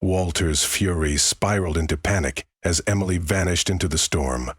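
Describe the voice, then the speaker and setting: A man's voice: sits low, normal speed, fairly bright tone, slightly rough, dry recording, studio quality. A man giving grave, dramatic scripted true-crime narration.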